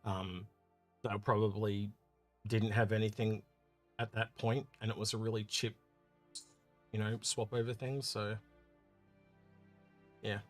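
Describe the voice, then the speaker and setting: A man co-hosting a casual livestream Q&A, chatty and animated, often trailing off with "so yeah". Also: lowish voice, measured pace, pauses often, faint music behind. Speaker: co-host.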